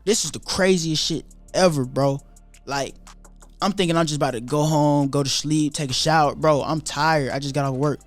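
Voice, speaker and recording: Young man, casual storyteller, slangy and animated, light music bed. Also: fairly high pitch, moderate pace. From Atlanta, USA. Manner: animated, profane street slang, acts out quoted voices. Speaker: YouTuber telling his story.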